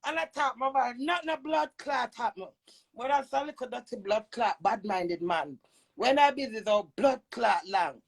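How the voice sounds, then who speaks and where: A Jamaican woman ranting with loud, brash cursing, swinging between shouting and low mutters. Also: moderate pace, gravelly, low-quality recording. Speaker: social media personality. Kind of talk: cursing rant.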